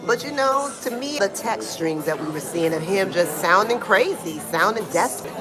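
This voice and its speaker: A woman giving casual live-stream commentary from home in Brazil, talking in a slangy, animated way and answering chat comments, with a small clip-on mic. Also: medium pitch, normal speed, crowd noise. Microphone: small clip-on microphone being tested. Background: Brazilian music playing.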